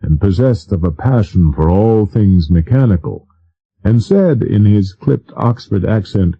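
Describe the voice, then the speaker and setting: A man narrating an audiobook in a measured, formal reading style. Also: on the low side, expressive, highs cut off. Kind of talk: scripted narration.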